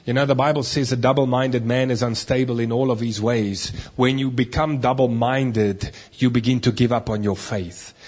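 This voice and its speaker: A male pastor preaching a sermon, emphatic, swinging between loud declarations and hushed, low lines. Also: slightly rough.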